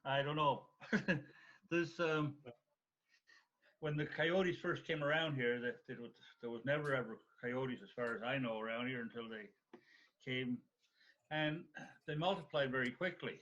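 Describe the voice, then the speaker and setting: An older man spins a rambling rural yarn in an easygoing, folksy way at a middle pitch. The sound is dull, like lo-fi video call audio. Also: fairly even intonation, unhurried, pauses often, a bit bright. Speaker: guest storyteller. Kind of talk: casual spoken anecdote.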